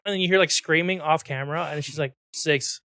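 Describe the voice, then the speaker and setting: A fairly high-voiced man on a podcast, retelling movie moments with lots of energy and quick acted-out bits. The sound is dry and close, with no room around it. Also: smooth, no room sound. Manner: animated storyteller, laughs often, acts out scenes. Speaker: podcast co-host. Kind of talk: casual chat reviewing a film.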